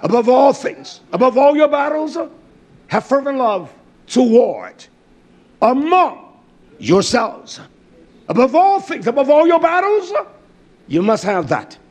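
High pitched guy preaching slow and heavy, keeps repeating himself, yells now and then. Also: sing-song. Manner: emphatic, repetitive, slow preaching with shouted bursts. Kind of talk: sermon.

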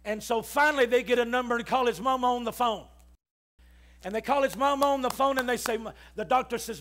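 A man preaching a sermon, telling stories and rising to shouts as he calls the congregation to respond. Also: extremely high pitch, fairly quick. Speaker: pastor. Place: church.

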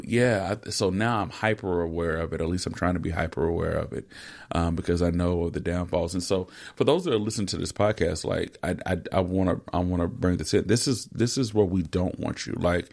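A man's voice: sits low, normal speed, gravelly, darkish tone. A middle-aged man and pastor, co-hosting a podcast, who talks in an earnest, encouraging way and often repeats words as he starts a thought. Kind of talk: casual pastoral conversation.

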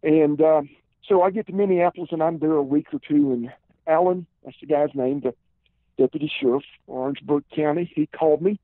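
A man in his fifties with a Southern accent, telling long stories in a relaxed way as a podcast guest, heard over a tinny phone line. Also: a little high, a little fast, no echo. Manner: relaxed storyteller, many "uh" and "and" fillers. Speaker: podcast guest, former pro wrestler. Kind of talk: casual storytelling interview.

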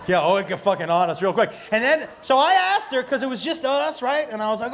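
A middle-aged man doing loud, profane, animated stand-up comedy in a comedy club, speaking into a handheld mic. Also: extremely high pitch, fairly quick, hardly any pauses. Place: comedy club stage before a live audience.

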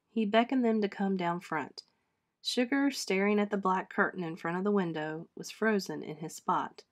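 A woman teacher reads a children's chapter book aloud to her class, her narration expressive and measured. She lifts her voice for the characters' dialogue and lets it fall soft and low between lines. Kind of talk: storybook read-aloud narration.

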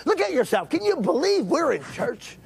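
Gravelly high-pitched old preacher. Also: male voice, sing-song, moderate pace. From Texas. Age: late 70s. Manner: fervent preaching, repeats phrases, often shouts. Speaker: pastor. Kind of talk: sermon. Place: church sanctuary.

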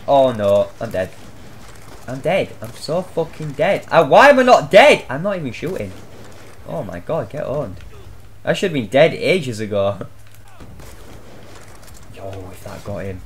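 A young man giving loud, swear-filled live commentary on his own gameplay, shouting out reactions as he plays. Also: medium pitch, lively intonation, slow, long pauses. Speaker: gaming channel host.

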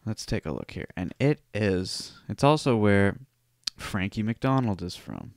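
A podcast host from Cape Breton in Canada, chatting in a rambling, wry and profane way. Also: male voice, lowish voice, expressive, a little slow, no echo, clean studio sound. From Cape Breton Island, Canada. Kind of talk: casual podcast chat.

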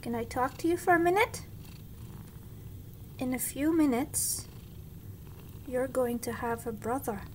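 A woman's voice: high voice, darkish tone, slight background noise, poor audio. A woman filming at home with a handheld camera, cooing baby talk to her cats. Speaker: cat owner filming at home. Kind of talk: casual home video, talking to pets. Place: home indoors.

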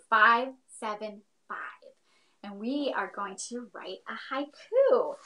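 A middle-aged woman librarian leads a poetry lesson for children. Her voice sits a little on the high side, and she explains each step in a gentle, encouraging way. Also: rough recording. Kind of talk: teaching kids about poetry.

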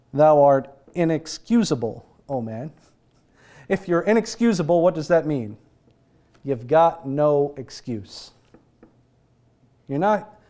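Preaching conversationally, this American pastor has a slightly high, warm voice. Rhetorical questions come up often, along with an occasional chuckle.

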